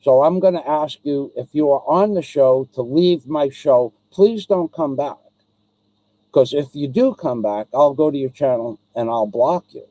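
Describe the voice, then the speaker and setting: A man's voice: mid-range voice, warm tone, dry recording, rough recording. Aggrieved man addressing a viewer. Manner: aggrieved, repetitive, halting with many ums. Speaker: livestream host. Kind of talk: live-stream address to a viewer.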